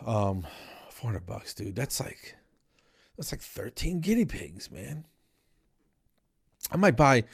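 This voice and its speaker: A man from New Jersey hosting a podcast, telling a comic story in an animated, exasperated way and acting out the dialogue. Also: on the low side. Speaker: podcast host.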